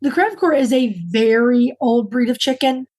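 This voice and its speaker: A woman's voice: on the high side, normal speed, darkish tone, low-quality recording. A woman co-hosting a podcast in casual chat, with a chatty, dry sense of humor. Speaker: podcast co-host.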